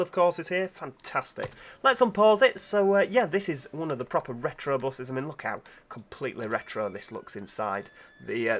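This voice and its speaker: A man's voice: medium pitch, a bit bright, a little hiss or hum. Chatty man streaming a game. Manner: chatty, reads out chat messages while driving. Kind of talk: casual livestream commentary.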